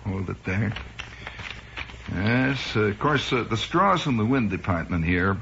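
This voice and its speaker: A man from Chicago spins a wry, rambling monologue with a lively, rising and falling voice. His tone is bright and forceful. The sound is muffled, like an old 1960s radio broadcast. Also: on the low side, a little slow, vocal fry, a little hiss or hum. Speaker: radio host. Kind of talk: improvised comic monologue. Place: radio studio.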